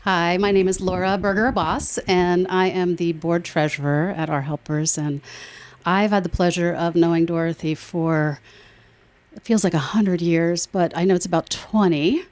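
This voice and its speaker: Low-voiced woman giving an emotional speech. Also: fairly even intonation, normal speed. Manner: emotional, warm storytelling with laughs. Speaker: nonprofit board treasurer. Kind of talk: speech at a public event.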